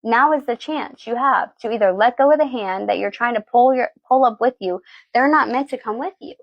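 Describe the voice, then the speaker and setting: A woman's voice: a little high, fairly quick, creaky, lo-fi sound. A woman giving a tarot reading, blunt and preachy, swearing freely and asking "okay?" again and again. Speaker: tarot reader. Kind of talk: live tarot reading talk.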